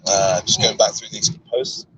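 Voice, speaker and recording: A man's voice: low voice, steady tone, moderate pace, sharp tone, a little hiss or hum, rough recording. A male host on a live stream in a moving car, reading viewer comments aloud in an easygoing way. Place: inside a moving car on a road trip.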